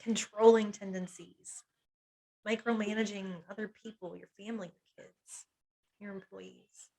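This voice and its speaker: A woman's voice: medium pitch, steady tone, a little slow, vocal fry, dark tone, breathy edge, poor audio. A woman hypnotherapist teaching a masterclass on emotional pain, speaking in earnest, confiding short phrases and listing feelings one at a time with light laughs. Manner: earnest and confiding, draws on her own life.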